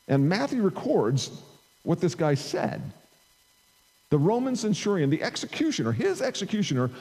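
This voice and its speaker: Male pastor, conversational sermon, mellow warm tone, long church reverb. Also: a little high. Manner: conversational preaching, reads scripture aloud with emphatic rises. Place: church sanctuary. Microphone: amplified microphone.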